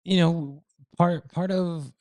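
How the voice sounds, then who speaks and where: A man co-hosting a casual chat, talking in a relaxed, rambling, playful way. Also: fairly high pitch, takes it slowly, no echo. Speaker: podcast co-host.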